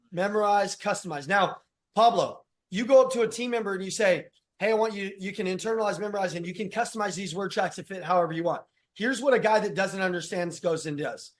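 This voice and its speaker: A man coaching a sales team in a punchy, repetitive, fired-up style, addressing team members by name. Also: sits high. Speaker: sales trainer. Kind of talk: energetic sales coaching talk.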